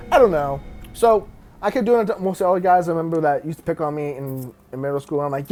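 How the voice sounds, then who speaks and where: A man's voice: fairly high pitch, quick pace, a little mellow, faint music behind. Rambling young man telling a story. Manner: rambling, laughing, many restarts and fillers. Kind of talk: casual story time.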